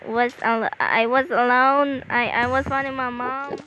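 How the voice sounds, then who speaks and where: Girl doing a timid little lost boy, stammery, real high and bright, kinda dull audio. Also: steady tone, a little hiss or hum. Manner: halting, stammering.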